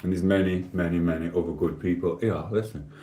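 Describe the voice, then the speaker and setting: A man's voice: deep voice, fairly even intonation, a little fast, warm tone, echoey room. A man from Sheffield with a Sheffield accent, live-streaming in casual chat, reading out viewer comments and answering them in a cheeky, rambling way. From Sheffield, England. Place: home living room.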